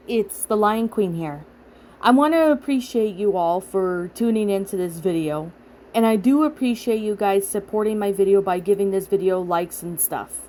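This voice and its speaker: A woman's voice: medium pitch, a little mellow, a little hiss or hum. A woman reading a first-person horror story aloud as a channel host, in a dramatic storytelling manner. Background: background music.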